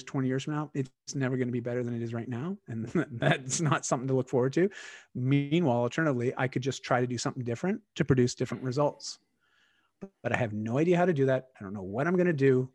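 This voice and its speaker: A man's voice: mid-range voice, a little mellow, dry recording. A man from Canada telling his own story in a candid, reflective way, often restarting his sentences. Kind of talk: personal storytelling.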